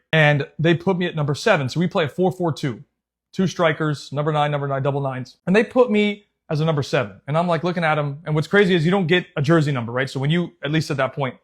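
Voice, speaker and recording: A man, a youth soccer coach, telling a story in a casual, animated way, swearing often and calling the listener bro and dude. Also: fairly high pitch. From United States.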